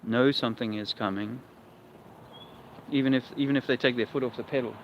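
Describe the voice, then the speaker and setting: A man's voice: mid-range voice, fairly even intonation, fairly quick. Chatty, wry man on a lo-fi stream. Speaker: livestream vlogger. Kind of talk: casual livestream chat while walking outdoors. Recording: dull lo-fi outdoor sound with faint noise.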